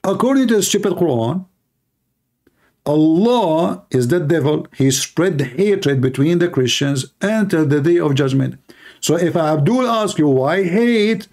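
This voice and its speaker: A man's voice: on the high side, expressive, unhurried, darkish tone. Sarcastic man hosting a livestream. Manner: sarcastic and mocking, nonstandard English grammar. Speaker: host of a live religious debate stream. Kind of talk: mocking livestream monologue.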